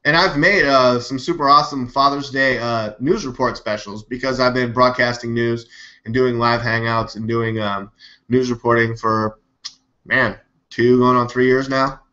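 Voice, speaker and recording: A man hosting a live news stream, talking in a rambling, animated, skeptical way and swearing now and then. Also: mid-range voice, moderate pace. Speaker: live news show host. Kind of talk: casual live-stream commentary. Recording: dull lo-fi webcam audio.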